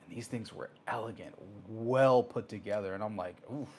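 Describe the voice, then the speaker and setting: A man hosting his own talk show, telling a personal story in a casual, animated way and acting out the voices of people he met. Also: mid-range voice, a little fast, few pauses. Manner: animated, acts out quoted voices. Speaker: host.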